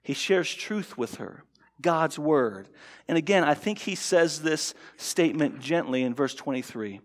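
A man with a high voice preaches in a church, his words ringing with a long hall reverb. He talks casually to the congregation, stumbling into restarts and slipping into quoted voices. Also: lively intonation, a little slow. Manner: conversational preaching with frequent restarts and acted-out quotes. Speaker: pastor. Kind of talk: sermon. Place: church sanctuary.

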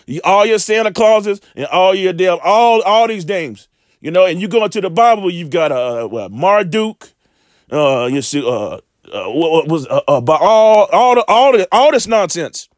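A man's voice: high-pitched, lively intonation, moderate pace, no echo, clean studio sound. A man reading scripture aloud and preaching informally. He talks fervently and often stumbles over his words.

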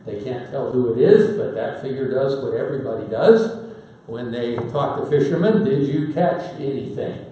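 A man preaching a sermon in a folksy storytelling manner with dramatic pauses. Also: mid-range voice, dark tone, a little hiss or hum. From Pacific Northwest, United States. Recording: very echoey hall, voice from far off.

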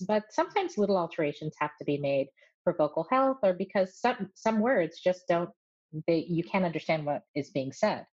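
A woman who runs a voice studio, speaking as a guest in a measured, articulate and friendly way. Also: low voice, dull audio. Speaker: voice coach. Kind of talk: interview guest.

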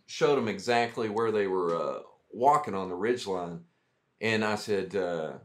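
A man's voice: fairly low pitch, a little slow. A man, a veteran guest, telling profane, rambling war stories in casual talk. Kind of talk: casual storytelling.

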